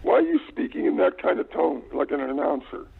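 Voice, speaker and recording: Gruff guy on a tinny phone line, gravelly and rough, jumps all over the place pitch-wise. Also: huge pitch swings, brisk. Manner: gruff, needling complaints. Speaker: phone-in guest. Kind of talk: casual comedic banter. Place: phone call. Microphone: telephone.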